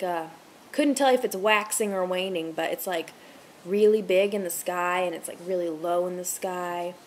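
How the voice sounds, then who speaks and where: A woman's voice: on the low side, slight background noise. A young woman in her twenties, a restaurant server, chatting to camera at home, rambling, swearing freely and ranting heatedly. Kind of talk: casual chat to camera. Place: home room with TV on.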